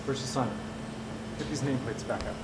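An actor playing a harsh sergeant who gives commands in a mocking tone. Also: male voice, mid-range voice, a little fast, heavy background noise, natural voice. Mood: contemptuous. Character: harsh male sergeant bullying his soldier.

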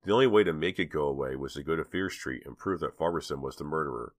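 A man narrating an audiobook in a measured storytelling manner. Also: very deep voice. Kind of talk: scripted narration.

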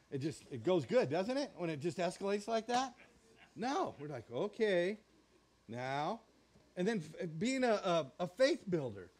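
A middle-aged man preaches from the pulpit in a folksy, joking way. His voice sits high for a man, and he slips into little acted-out quotes as he teaches. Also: a little mellow. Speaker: pastor. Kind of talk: sermon.

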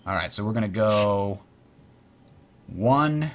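A man hosting a board game tutorial, explaining rules in a chatty way and muttering while he works the software. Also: lowish voice, animated, slow pace, a little hiss or hum. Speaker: host teaching a board game. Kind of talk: casual tutorial over online play.

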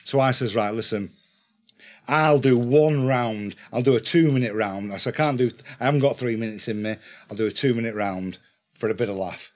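An Englishman with a mid-range voice speaks briskly as a podcast guest, telling a rowdy story in casual chat. He swears and laughs throughout, retelling it with lots of animation.

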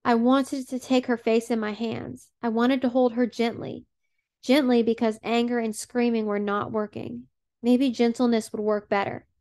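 A woman narrating an audiobook in a measured, plain reading. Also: fairly high pitch, flat delivery, mellow.

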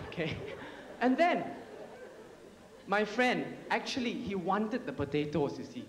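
A man's voice: sits high, big pitch swings, a little slow, pauses often, reverberant, crowd noise. A man with a Singaporean accent gives a chatty comic stage monologue to an audience, telling the story with plenty of filler words. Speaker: stage entertainer.

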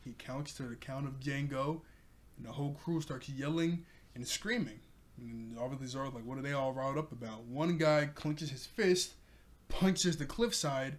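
A man's voice: on the high side, expressive, a little slow. A man casually recapping an anime episode for his review channel, chatty and rambling, laughing often.

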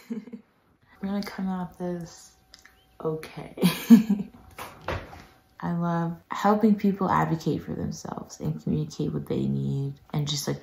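A woman's voice: low-pitched, gravelly, mellow, roomy sound. A young woman from New York who is a health educator, whispering a casual chat from her bedroom at home and filling it with lots of fillers. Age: young adult. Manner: whispering, chatty, many fillers.

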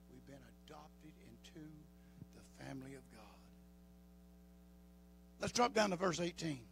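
High-pitched Southern preacher, folksy drawl. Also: male voice, animated, a little slow, vocal fry, long pauses, heavy background noise. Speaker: pastor. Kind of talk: sermon.

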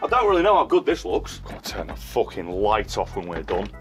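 A man chatting and joking loudly while moving heavy furniture, swearing and exclaiming often, a little out of breath. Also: lowish voice, wildly swooping pitch, a little fast, over music. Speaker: vlogger. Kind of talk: casual chat while doing heavy lifting.

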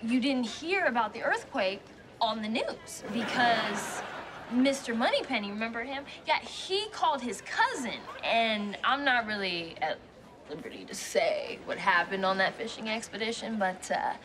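A young woman acting an awkward, chatty high school senior who rambles self-consciously, in a sitcom. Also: animated, normal speed, noisy background, close to an everyday voice. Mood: rambling.

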